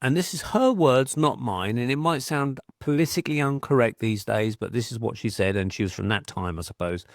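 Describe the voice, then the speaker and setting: A man's voice: medium pitch, fairly quick, hardly any pauses, dry recording. British man telling a story, dry sound. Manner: animated storyteller, acts out quoted voices, frequent restarts. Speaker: podcast guest. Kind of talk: conversational storytelling.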